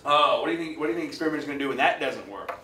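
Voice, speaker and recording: A man's voice: a little high, animated, rapid-fire, pushed and bright, a little hiss or hum. A man giving a chatty, jokey classroom lecture and asking his class questions. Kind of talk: classroom lecture with student discussion. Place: lecture hall. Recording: echoey lecture hall from far off.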